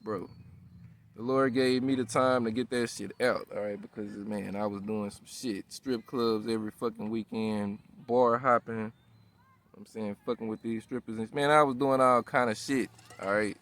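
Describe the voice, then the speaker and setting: Speaking at a moderate pace in a fairly low, a bit bright voice with fairly even intonation, a man in his thirties preaches. His sermon is a loose, casual, street-style affair, slangy and profane, and he keeps asking "all right?" and "you know what I'm saying?".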